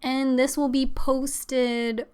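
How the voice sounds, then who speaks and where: A woman's voice: sits high, little pitch movement, extremely slow, darkish tone, clear, resonant tone. A young adult woman hosting a casual live stream, chatting in a rambling way with fillers and small laughs. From Pennsylvania, US.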